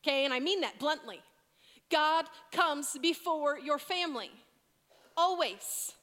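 A woman preaching a sermon, earnest and emphatic, dropping to a hush on key points. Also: high voice, lively intonation, unhurried, in a large hall.

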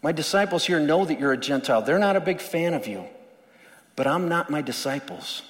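A man's voice: fairly high pitch, expressive, brisk, long reverb tail, close to an everyday voice. A man voicing a kind reassuring Jesus. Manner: reassuring, conversational.

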